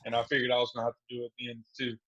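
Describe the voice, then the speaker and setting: Male guest, relaxed storyteller, chuckles often, muffled podcast audio. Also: mid-range voice, very fast. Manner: laid-back, laughs through his stories. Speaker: guest fighter. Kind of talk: casual storytelling interview.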